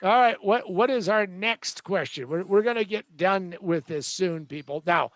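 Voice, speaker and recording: A man's voice: high-pitched, normal speed, a bit bright, dry recording. A man hosting a show, delivering a joking, sarcastic tech rant with a rambling manner. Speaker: host.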